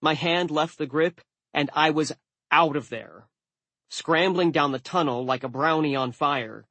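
A man's voice: fairly high pitch, unhurried, pushed and bright, dry recording. Man narrating an audiobook, dry and wry. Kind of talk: first-person audiobook narration.

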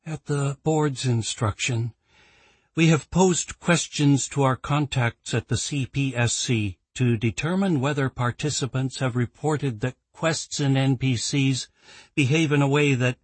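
A man voicing a tired woman executive giving a formal report in an audiobook, slow and weary. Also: medium pitch, no room sound, voice pushed up, close to an everyday voice.

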